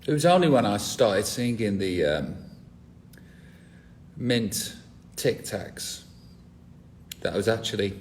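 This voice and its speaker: A man's voice: on the low side, lively intonation, slow pace, pauses often, a little hiss or hum. A man, hosting a casual live stream, rambling and cheeky with crude jokes. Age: 40s. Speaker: livestream host.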